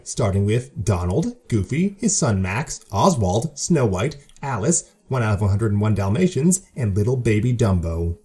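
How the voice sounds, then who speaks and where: A man's voice: lowish voice, expressive, moderate pace, hardly any pauses, mellow. A man hosting a story show and narrating a fan story, with dry, self-mocking humor. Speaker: host and narrator.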